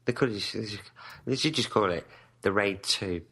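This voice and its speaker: A man's voice: fairly low pitch, normal speed, fairly bright tone. A man co-hosting a film commentary podcast, wry and sweary, fond of rhetorical questions. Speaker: podcast co-host. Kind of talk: casual film commentary chat.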